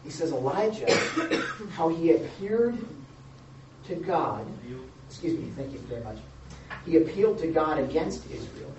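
Animated preacher in a roomy hall. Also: male voice, fairly high pitch, a little slow, long pauses. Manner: animated, joking asides, acts out quotes. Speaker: pastor. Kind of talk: sermon. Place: church or meeting room with a live audience. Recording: roomy, distant, dull sound with faint noise.

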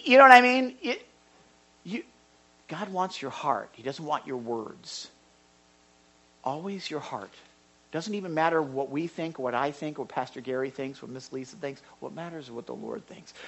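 This older pastor's voice is a little high, and the recording has its highs cut off. He preaches conversationally, playing out little dialogues while swinging from loud to soft.

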